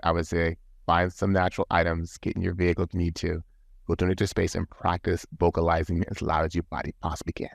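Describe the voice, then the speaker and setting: Speaking briskly in a deep, creaky voice with little pitch movement, this podcast guest gives earnest advice and often starts his thoughts over. The casual conversation was recorded in a studio with no room sound.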